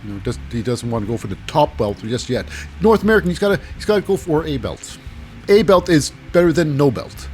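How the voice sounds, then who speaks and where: A sarcastic man talks through wrestling matches in a loose, rambling way, slipping into goofy voices when he mimics people. His voice sits a little high for a man, and faint music runs underneath. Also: big pitch swings, fairly quick, darkish tone. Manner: rambling, sarcastic, acts out quotes in silly voices. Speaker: wrestling show recap host. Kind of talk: casual solo recap commentary.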